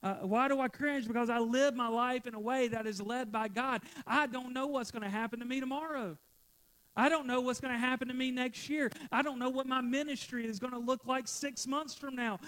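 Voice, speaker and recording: A man's voice: very high-pitched, steady tone, a little fast, fairly bright tone. A male pastor preaching a sermon to his church, repeating phrases for emphasis and getting out of breath.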